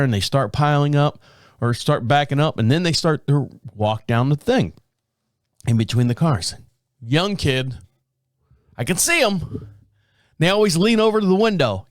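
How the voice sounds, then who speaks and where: Profane, animated middle-aged podcast host. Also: male voice, fairly high pitch, dry recording, clean studio sound. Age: around 50. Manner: profane, animated, self-mocking anecdote telling. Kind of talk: casual storytelling.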